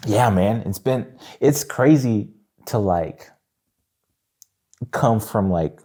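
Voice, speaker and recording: A man's voice: lowish voice, expressive, takes it slowly, dark tone. A young adult man chatting as a podcast guest in a laid-back way, saying "bro" and "man" often. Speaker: guest musician. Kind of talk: casual chat.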